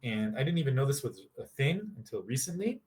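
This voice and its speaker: A man's voice: mid-range voice, brisk, slight background noise. A tired man giving a casual online workshop on relationships, talking over a video call and acting out sample dialogues. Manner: lively, acts out sample dialogues.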